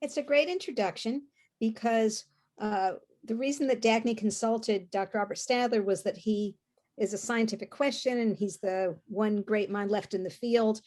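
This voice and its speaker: A woman with a voice of ordinary pitch, co-hosting a casual podcast about a novel. She explains her points thoughtfully and at length, pausing on fillers as she works through her ideas. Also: a little mellow. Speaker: co-host discussing a novel.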